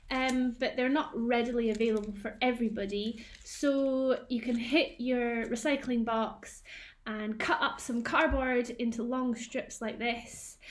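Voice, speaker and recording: A woman from Scotland, a music tutor, teaching a children's rhythm lesson to the camera at home in a slow, clear and encouraging way. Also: on the high side.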